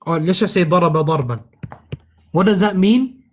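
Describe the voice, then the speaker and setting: A man with a high voice teaches an Arabic grammar class at a fairly quick pace. In this classroom lesson he patiently repeats key phrases and praises his students.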